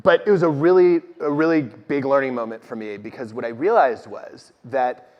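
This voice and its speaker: A man, an organizational psychologist, telling stories on stage in an animated, self-deprecating way. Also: mid-range voice, normal speed. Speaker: organizational psychologist guest speaker. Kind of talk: conversational talk on stage. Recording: dull audio with long hall reverb.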